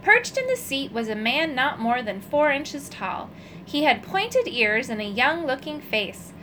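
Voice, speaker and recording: Animated woman reading a storybook. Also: high voice, unhurried, a little hiss or hum. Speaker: audiobook narrator. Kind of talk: children's storybook narration.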